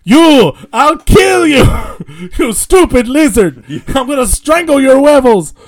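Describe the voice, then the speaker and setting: A man voicing a furious, panicking male Western outlaw in a high, strained squeal. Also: sing-song, extremely slow, a little mellow, shouting, full character voice. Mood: furious panic.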